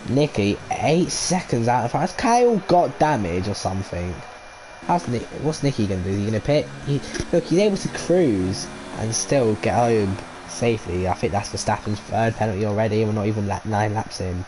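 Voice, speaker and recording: A man commentating a live esports race with a cold and a blocked nose, getting excitable in close battles and turning to dry sarcasm. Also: on the low side, normal speed. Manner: excitable, rising sharply in tense moments, dry sarcasm. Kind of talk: live sim racing commentary. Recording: home setup with clear background noise.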